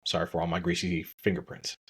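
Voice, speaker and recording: A man's voice: sits low, completely flat delivery, fast, fairly bright tone, slightly rough. A man co-hosting a podcast, casually recapping a TV episode and acting out scenes with swearing and laughter. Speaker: podcast co-host.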